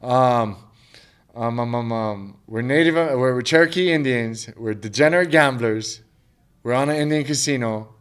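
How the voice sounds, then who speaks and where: A man's voice: mid-range voice, normal speed, clear, resonant tone. A man in his thirties, a mixed martial arts fighter, telling a story in a casual interview with lots of swearing, restarts and acted-out quotes. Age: 30s. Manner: profane, rambling, acts out quotes of others.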